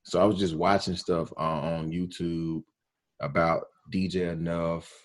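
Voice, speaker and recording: A radio DJ from Alabama, telling his story in a relaxed interview with slang and quoted dialogue. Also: low-pitched, a little slow. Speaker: radio DJ, podcast guest.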